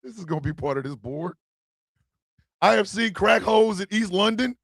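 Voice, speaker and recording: Gravelly high-voiced man ranting loudly. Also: expressive, normal speed, pauses often, no echo, studio quality. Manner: loud, joking, profane, laughing often. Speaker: streaming show host. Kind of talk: casual comedic rant.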